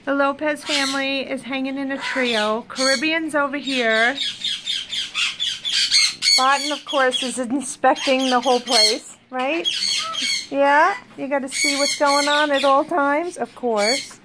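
A woman's voice: sits high, steady tone, unhurried. A woman talking casually to viewers in a vlog while chatting in baby talk to her pet birds. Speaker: pet bird owner and vlogger. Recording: loud bird squawks and noise behind.

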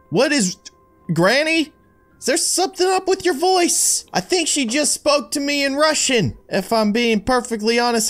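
A gaming YouTuber giving let's play commentary with animated, playfully dramatic reactions. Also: medium pitch.

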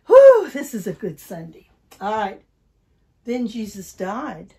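Older woman, children's church host: slow, husky, coaxing call-and-response with toddlers. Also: on the high side, huge pitch swings. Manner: drops to a whisper and rises to shouts for feeling. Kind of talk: children's Bible storytime.

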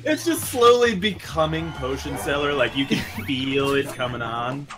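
A man teasing his co-host with quick wry remarks during a casual game stream. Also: medium pitch, animated, music in the background. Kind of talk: casual banter while playing a party game.

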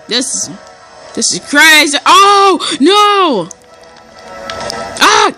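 A woman giving casual let's-play commentary over a game, excitable and shouting and cheering as she plays. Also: high-pitched, takes it slowly, long pauses. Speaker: gameplay commentator. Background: game music.

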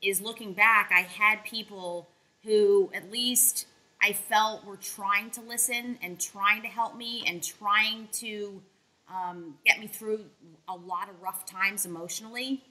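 Woman talk-show host, bright, emphatic, encouraging. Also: medium pitch, steady tone, takes it slowly, low-quality recording. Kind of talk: casual interview talk.

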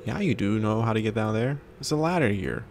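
With a low, creaky, darkish voice, animated and brisk, this gaming video creator jokes his way through a casual let's play. He answers the characters and reads on-screen text aloud, with soft music in the background.

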